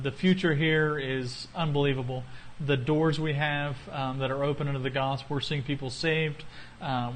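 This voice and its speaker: A man giving a recorded missionary update, speaking haltingly with many ums and uhs. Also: mid-range voice, a little hiss or hum.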